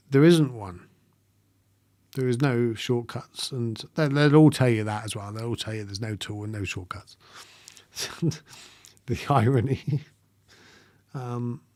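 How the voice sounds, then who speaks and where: Soft-spoken man, hesitant and reflective. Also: mid-range voice, dry recording, clean studio sound. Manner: soft-spoken, halting, with frequent ums and gentle laughs. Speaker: meditation livestream host. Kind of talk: live-streamed reflective talk, reading viewer comments.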